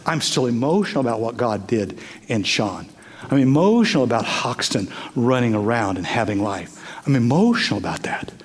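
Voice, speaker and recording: An older man preaching a sermon as pastor, emphatic, swinging from loud bursts to hushed near-whispers. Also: medium pitch, lively intonation, moderate pace.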